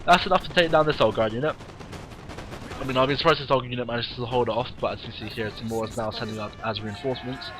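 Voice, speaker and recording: A man's voice: mid-range voice, rapid-fire. A tired man who yawns now and then, giving casual, rambling, blunt commentary on a game replay and swearing freely. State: tired, yawning.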